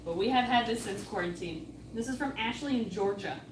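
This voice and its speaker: A chatty, excitable woman co-hosting a casual chat while opening fan mail. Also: medium pitch, a little fast, roomy sound, distant mic, noisy background. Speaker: co-host.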